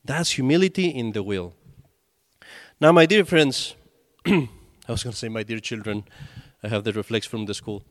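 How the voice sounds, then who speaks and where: A man's voice: medium pitch, normal speed. A man, a priest, giving a conversational sermon and telling stories with acted quotes. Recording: long hall reverb.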